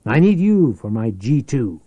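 A man voicing a ruthless, scheming rich businessman who talks forcefully and persuasively. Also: medium pitch, big pitch swings, unhurried, husky, no room sound, muffled recording. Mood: calculating.

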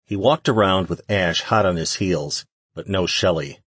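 Male narrator, very low pitch, husky, dry sound, steady audiobook reading. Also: measured pace, no echo. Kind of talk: scripted narration.

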